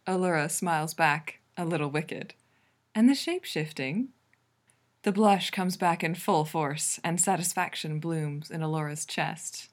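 A woman reading a fan fiction story aloud in a calm, even narrating voice. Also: low voice, a little slow, few pauses. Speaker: reader.

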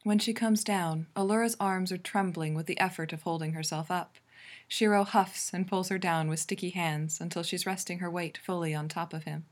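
Woman narrating a story, low-pitched. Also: fairly even intonation, normal speed. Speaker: reader. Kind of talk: reading fan fiction aloud.

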